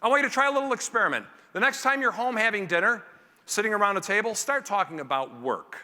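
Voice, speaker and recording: A man delivers a motivational keynote to a conference crowd. His high voice swings widely and sounds bright and forceful. It rings through a large hall with a long reverb tail. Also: fast talker. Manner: animated, acts out family scenes in character voices. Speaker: keynote speaker.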